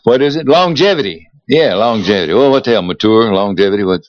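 A man's voice: fairly low pitch, lively intonation, no echo. An older man, telling stories in a folksy, drawling way as co-host of a casual radio chat. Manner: slow, drawling storyteller with a folksy turn of phrase. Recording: muffled, lo-fi radio recording.

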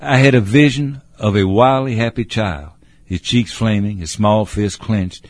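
A man narrating a story in a measured, descriptive way. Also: fairly low pitch, dry recording. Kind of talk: storybook reading.

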